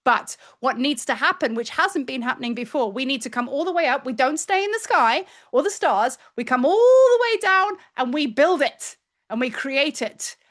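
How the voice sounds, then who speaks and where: A middle-aged woman, a spiritual teacher telling a story in a chatty, animated vlog. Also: high-pitched, moderate pace. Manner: animated, chatty, acts out quoted voices.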